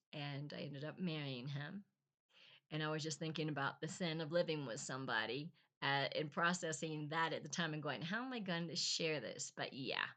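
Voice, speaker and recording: A middle-aged woman telling a casual, rambling personal story with many ums and restarts, on a quiet, poor-quality recording. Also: fairly low pitch. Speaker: vlogger, language encourager. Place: lives in Bolivia.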